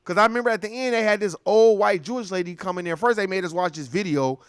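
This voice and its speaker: Here the young commentator talks fast in a high, clean-toned voice, with clean studio sound and no echo. His storytelling is casual and profane, lively, and full of impressions of other people.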